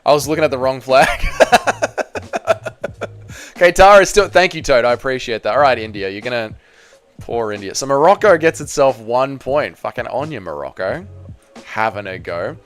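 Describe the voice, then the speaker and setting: A man's voice: medium pitch, lively intonation, a little fast, faint music behind. Casual man chatting with his stream chat. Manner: banter, reads chat messages aloud and answers viewers. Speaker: streamer reading live chat.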